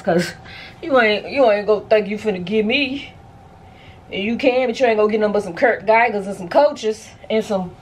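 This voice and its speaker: Speaking on the low side against a noisy background, this lifestyle vlogger chats from her bedroom at home. She exclaims, uses slang, addresses viewers directly, and seems a little out of breath.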